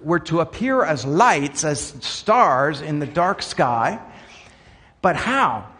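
A man preaching to his congregation in an earnest, conversational sermon. His voice sits a little high. He drops into soft asides and then pushes up to emphatic points, and a long reverb tail hangs after his words. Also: big pitch swings, slow pace. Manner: earnest, swings between quiet asides and emphatic raised lines. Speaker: pastor.

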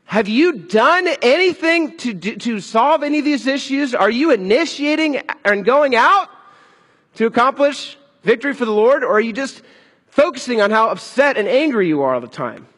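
Man, pastor, high voice, husky, animated conversational sermon, echoey hall. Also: moderate pace.

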